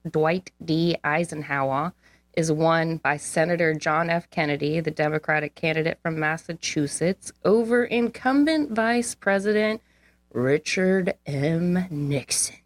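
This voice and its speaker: A young woman with a low-pitched voice co-hosting a podcast, reading historical dates and breaking off into blunt, profane comments. She sits close to the mic in a dry, dead room. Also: lively intonation, unhurried, dry recording. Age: young adult. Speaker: co-host. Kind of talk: casual podcast chat.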